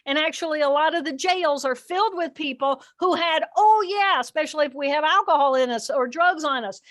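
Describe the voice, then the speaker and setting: An older woman giving an animated, expressive teaching talk outdoors by the water, acting out inner voices as she explains. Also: high-pitched, a little fast. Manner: expressive, acts out inner voices with dramatic shifts. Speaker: guest speaker, neuroanatomist.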